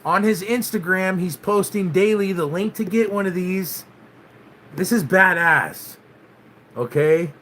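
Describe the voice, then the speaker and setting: A man's voice: sits high, measured pace, fairly bright tone, a little hiss or hum. A man hosting his own channel, chatting casually with viewers, loose and laid-back, dropping "man" and swearing often. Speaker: channel host. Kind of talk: casual vlog chat with live viewers.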